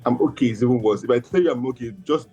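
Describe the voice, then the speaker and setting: A man's voice: mid-range voice, very fast, dark tone, husky, lo-fi sound, faint music behind. A man co-hosting a casual podcast chat, playful and emphatic, stumbling over his starts. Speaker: podcast co-host.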